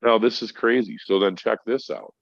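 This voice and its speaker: A man's voice: fairly low pitch, normal speed, gravelly, no room sound. A middle-aged man, stoned, telling a rambling, profane story in casual chat as a podcast guest. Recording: dull lo-fi sound.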